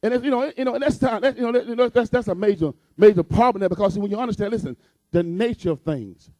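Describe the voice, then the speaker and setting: A man's voice: high voice, lively intonation, quick pace, darkish tone, no room sound. A man preaching a sermon as pastor, with a repetitive cadence that builds to fervent emphasis.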